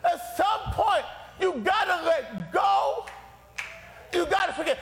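A man preaching a fiery sermon with a gravelly voice, shouting and repeating his phrases with passion. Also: very high voice, big pitch swings, slow pace, some chatter behind, slight background noise. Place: church sanctuary. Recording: reverberant hall with faint congregation.

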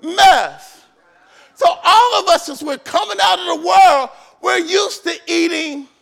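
A pastor preaches with a shouting, emphatic delivery, hammering his message through repetition inside a church. His voice is unusually high for a man and gravelly, and he speaks slowly, drawing out each word.

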